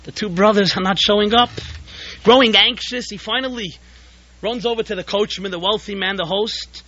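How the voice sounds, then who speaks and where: A man, a rabbi, teaching a weekly class as an animated storyteller who often restarts phrases, on a dull lo-fi tape recording. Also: high voice, normal speed, slight background noise. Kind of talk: storytelling lecture.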